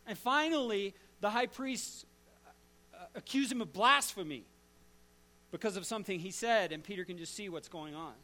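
A pastor with a high, light male voice tells the story in his sermon with plenty of drama. He rises to loud bursts, then drops to near-hushed lines. He turns often to ask the listeners direct questions. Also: normal speed.

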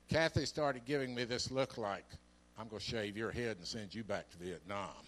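A man's voice: medium pitch, fairly bright tone, slight background noise. A man in his seventies with a Southern US accent, introducing a guest speaker to a church congregation with dry, self-mocking jokes. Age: 70s. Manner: dry, self-mocking humor with earnest pauses. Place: church sanctuary.

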